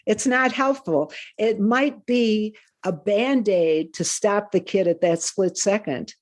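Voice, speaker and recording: A woman's voice: mid-range voice, slow pace. A woman interview guest who founded a parenting program, giving earnest, emphatic advice. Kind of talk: conversational interview.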